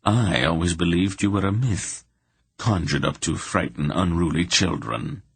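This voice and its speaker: A man's voice: low-pitched, a little slow, creaky, husky, no echo, heavily acted. A man voicing a sly, courtly prince who speaks with wary politeness. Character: sly courtly thief prince, middle-aged.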